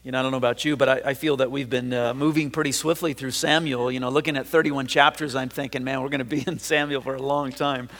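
A man preaching a sermon as pastor, talking in a relaxed, conversational way with frequent fillers and restarts. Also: mid-range voice, quick pace, hardly any pauses, big-room sound.

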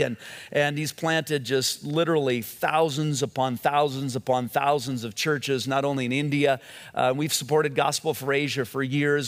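A man's voice: fairly high pitch, big-room sound. A male pastor giving a sermon in a conversational storytelling way, often restarting his phrases.

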